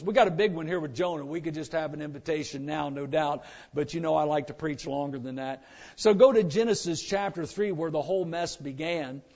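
A high-voiced man with a drawl preaches with lively, joking energy, slipping into mocking voices of complainers. The recording sounds a bit dull and lo-fi. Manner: animated, joking, mimics complainers. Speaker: pastor. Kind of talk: sermon.

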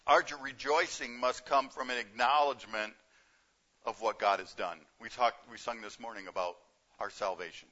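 A man's voice: medium pitch, moderate pace, pushed and bright, lo-fi sound. A man preaching a sermon as a pastor, in a conversational way that repeats key phrases.

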